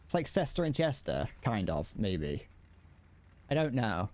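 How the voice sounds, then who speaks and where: A man's voice: lowish voice, very animated, a little slow, a little mellow. A British man streaming a video game, chatting casually and rambling with jokes. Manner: joking and rambling. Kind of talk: casual live-stream chat.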